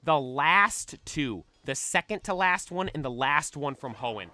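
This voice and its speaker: A young man streaming casually, chatting excitedly and belting out theme songs. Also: on the high side, a little slow. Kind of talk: casual chat while shiny hunting.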